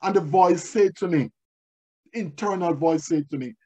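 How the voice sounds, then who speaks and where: A man's voice: high-pitched, moderate pace, dark tone, slightly rough, lo-fi sound. A male pastor delivering a sermon, moving from storytelling to emphatic preaching.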